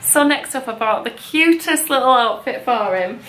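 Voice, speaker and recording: A woman's voice: fairly high pitch, animated, normal speed, fairly bright tone, roomy sound, slight background noise. A young woman, chatting casually and gushingly as a vlogger about baby clothes she bought. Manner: chatty, gushing, many likes and ums. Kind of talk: casual haul chat.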